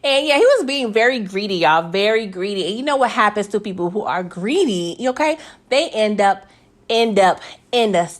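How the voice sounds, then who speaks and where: A woman runs through a TV episode in a laid-back, slangy recap, regularly adding "okay?" and laughing between points. Her medium-pitched voice is expressive and moves at a moderate pace.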